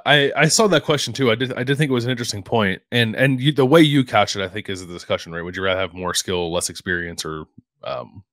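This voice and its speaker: Lowish voice, football podcast guy, kinda hesitant lots of ums, dry sound. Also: fairly bright tone, dry recording. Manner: measured, hesitant with frequent ums. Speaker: podcast co-host. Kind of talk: casual sports talk podcast.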